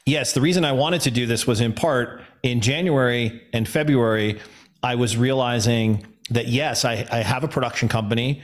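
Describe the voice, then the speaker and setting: A middle-aged man and production company owner talking reflectively in a casual interview, laughing easily. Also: medium pitch. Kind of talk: casual conversation.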